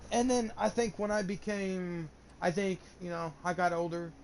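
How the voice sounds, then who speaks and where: A man's voice: high-pitched, moderate pace, a little mellow, a little hiss or hum. A young man telling a long personal story in casual chat, rambling and swearing often, with lots of restarts. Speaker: gamer streamer.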